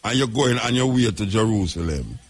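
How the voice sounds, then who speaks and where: A Jamaican man hosting a call-in radio show, firm and quick to cut callers off. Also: on the low side, lively intonation, over music.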